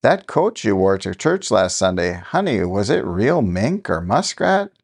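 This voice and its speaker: A man's voice: on the low side, very animated, measured pace, slightly rough, heavily acted. A man voicing a nosy, gossipy small-town woman neighbor. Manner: prying, gossipy.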